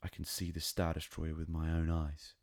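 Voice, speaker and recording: Man doing a weary bounty hunter, grave, very low-voiced. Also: completely flat delivery, moderate pace, darkish tone, no echo, clean studio sound.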